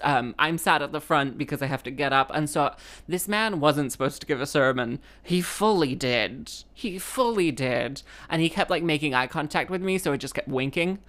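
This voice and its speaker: Low-voiced woman, rambling story. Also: a bit bright. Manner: rambling, filler-heavy, exasperated. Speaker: musician telling a personal story. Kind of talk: casual comic storytelling.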